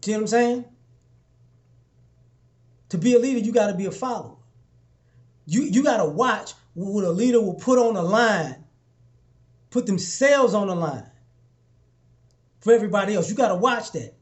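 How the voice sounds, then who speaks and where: A young man giving a casual motivational talk to his followers, preaching and repeating himself, often acting out little exchanges in a lower voice. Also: expressive, moderate pace, pauses often. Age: young adult. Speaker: motivational vlogger.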